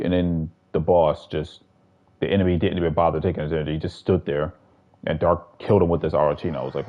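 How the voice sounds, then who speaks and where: A man's voice: low-pitched, fairly even intonation, fast talker, phone-quality sound. A man streamer giving casual, rambling, profane commentary while playing a game. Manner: rambling, profane, restarts often. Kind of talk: casual gaming livestream commentary.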